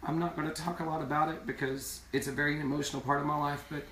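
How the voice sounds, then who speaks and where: A man's voice: fairly high pitch, little pitch movement, fast talker, background noise. Heartfelt man singer in a roomy space. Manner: earnest, heartfelt, repeats words for emphasis. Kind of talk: casual live video chat. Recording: roomy sound from far off.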